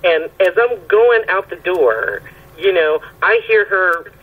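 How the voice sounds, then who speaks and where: A woman with a husky voice, calling in and telling a lively anecdote, often checking in with her listener. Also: fairly low pitch, takes it slowly. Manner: lively anecdotal storytelling, checks in with "right?" and "okay?". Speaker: caller telling a story. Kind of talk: casual phone storytelling. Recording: tinny phone line.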